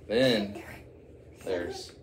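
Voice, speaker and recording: A man's voice: on the low side, extremely slow, slight background noise. A man improvising a silly story, rambling with many fillers and asides.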